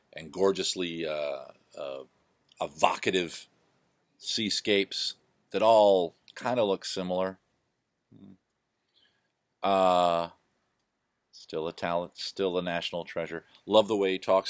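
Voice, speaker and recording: A vlogger with a low voice chats casually to camera from home, recorded on his laptop mic with no room sound. He rambles, wanders into digressions and keeps joking at his own expense.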